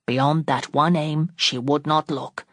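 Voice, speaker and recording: A woman narrating a classic novel as an audiobook in a steady, even reading style. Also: sits low, slow, dry recording, studio quality. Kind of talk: scripted narration.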